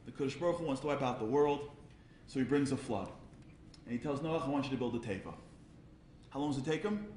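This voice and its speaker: A man's voice: mid-range voice, quick pace, long pauses, darkish tone, slight background noise. A man giving a humorous talk to a live audience, telling stories and acting out the dialogue before turning to a Torah lesson. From United States. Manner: storytelling with jokes, acting out dialogue. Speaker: speaker at a charity event. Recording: echoey room with faint ambience.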